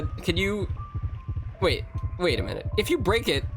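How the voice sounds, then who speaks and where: A man streaming a horror game live, rambling and reacting loudly, chatting with viewers as he plays. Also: high voice, moderate pace, over music. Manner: animated, rambling, reading chat, exclamatory. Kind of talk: casual live-stream commentary.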